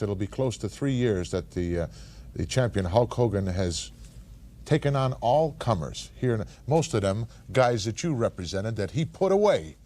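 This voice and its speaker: Enthusiastic mid-pitched announcer man. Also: darkish tone. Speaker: host. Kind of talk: studio wrestling show hosting.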